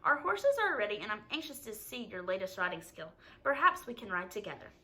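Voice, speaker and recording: A woman voicing an encouraging gentleman with a Southern American accent. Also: mid-range voice, very animated, brisk. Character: charming southern gentleman, adult man.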